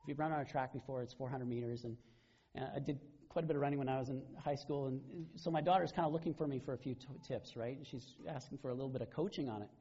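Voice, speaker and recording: A man's voice: mid-range voice, fast talker, mellow, breathy edge. A middle-aged man, a pastor, preaching a sermon in a conversational, storytelling way with frequent restarts. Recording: dull lo-fi recording.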